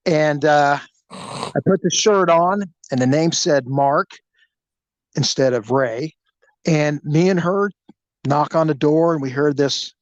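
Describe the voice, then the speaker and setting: A man hosting a podcast, telling a story in an animated, crude, joking way. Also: on the high side, slow, pauses often, no room sound, low-quality recording. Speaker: podcast host.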